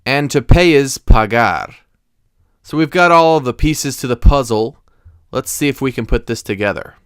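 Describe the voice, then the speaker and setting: Clear-voiced man teaching a language lesson. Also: medium pitch, fairly bright tone, dry recording, clean studio sound. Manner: slow, deliberate explanations with careful pronunciation. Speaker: Spanish teacher.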